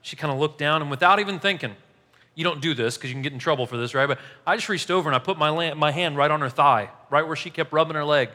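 A man preaching a sermon, telling a story in a casual, animated way and laughing along as he goes. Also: fairly high pitch, fast talker. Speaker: pastor. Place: church hall. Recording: echoey hall.

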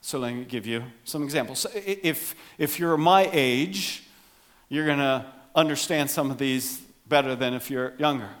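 A middle-aged man preaching a sermon as pastor, animated, acting out voices for emphasis. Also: medium pitch, normal speed.

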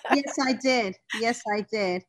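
Woman, interview guest, fairly high voice, animated storyteller. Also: a little slow. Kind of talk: conversational interview.

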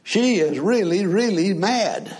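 A man preaching a sermon in a slow, conversational way, often asking the congregation questions. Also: high voice, animated, a little mellow, husky.

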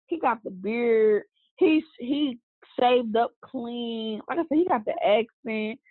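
A woman co-hosting a podcast in casual, animated chat, gushing and swearing freely. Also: on the high side, slow pace, dry recording. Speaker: podcast co-host. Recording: tinny phone-like line.

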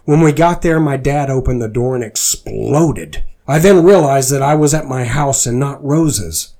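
A man's voice: mid-range voice, measured pace, dark tone. A man reading a fan story aloud as a dramatic performance, voicing the narrator earnestly. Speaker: fanfiction reader.

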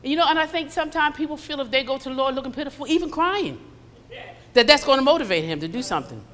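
A woman's voice: high voice, lively intonation, fast, fairly bright tone. A woman preaching a conversational sermon in a church, slipping into acted asides. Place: church sanctuary. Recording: long hall reverb.

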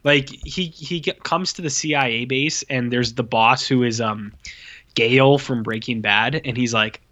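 A man co-hosting a podcast, casually reviewing a film with a lot of swearing and flat mocking quotes of its dialogue. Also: mid-range voice, measured pace, lo-fi sound. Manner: profane, exasperated, mocks lines in flat voices. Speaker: podcast co-host. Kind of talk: casual movie review chat.

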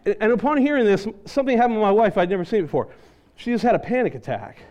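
A male pastor telling an animated, self-deprecating story during a sermon. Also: high voice, racing.

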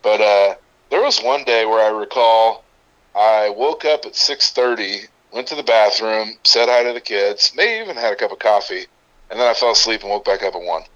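A middle-aged man, a gym owner and coach, chatting casually on a podcast, relaxed and swearing freely as he tells stories. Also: on the low side. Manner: laid-back, swears freely, drawn-out storytelling. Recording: muffled lo-fi audio.

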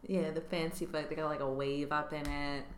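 A woman's voice: deep voice, level tone, brisk. A woman in casual podcast chat, laughing often and calling people man. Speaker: podcast co-host. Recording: echoey room with crowd behind.

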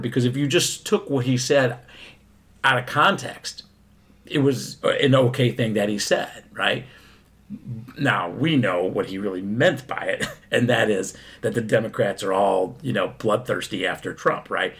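A man's voice: lowish voice, a little slow, fairly bright tone, husky. A man co-hosting a casual political chat, talking hesitantly with many fillers and restarts.

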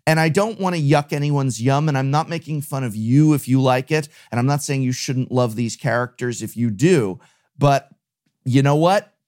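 A man co-hosting a casual chat, speaking in an opinionated, expressive way with frequent hesitations. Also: medium pitch, moderate pace. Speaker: co-host.

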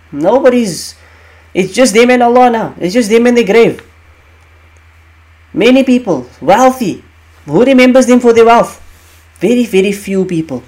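A man's voice: high voice, darkish tone. A man teaching the meaning of Quranic verses in an emphatic way, repeating key phrases and asking rhetorical questions.

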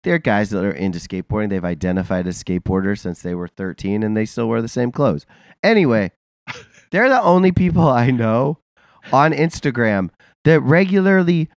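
A man's voice: mid-range voice, expressive, normal speed, smooth, dry recording, clean studio sound. A man with a congested, nasal voice from a sinus infection, co-hosting a casual podcast chat, rambling with lots of fillers and laughs. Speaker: podcast co-host.

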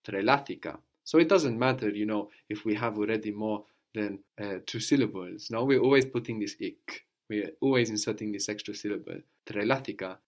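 A man's voice: fairly low pitch, normal speed, few pauses. A man teaching a spoken language lesson, patiently explaining and often checking with "no?".

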